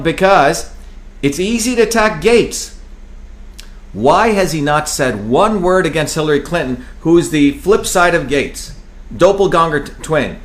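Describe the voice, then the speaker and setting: Forceful swearing man from New Jersey. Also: a little high. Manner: forceful, emphatic, swears freely, repeats key phrases. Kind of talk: heated political talk.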